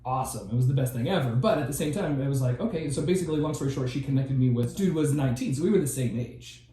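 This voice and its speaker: A man in his thirties co-hosting a podcast, an animated storyteller who laughs often. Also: mid-range voice, quick pace. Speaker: podcast co-host. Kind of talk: casual podcast chat. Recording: very echoey room.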